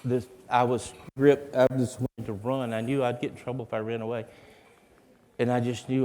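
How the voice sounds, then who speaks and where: A man's voice: medium pitch, level tone, normal speed, a little mellow. Heartfelt man telling his story in a hall. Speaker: speaker at an educators' event. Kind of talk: motivational personal testimony. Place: large hall. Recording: long reverb of a large hall.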